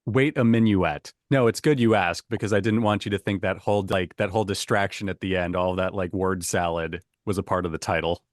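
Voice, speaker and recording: A low-pitched man running a casual quiz on a podcast, talking in a relaxed, chatty way and laughing easily between the answer options. His voice is close and dry, with no room sound around it. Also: fairly quick, hardly any pauses, no room sound. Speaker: quiz host.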